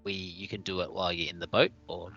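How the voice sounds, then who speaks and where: Male player, low voice, calm, lo-fi sound. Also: quick pace, faint music behind. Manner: calm, matter-of-fact. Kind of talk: casual tabletop play.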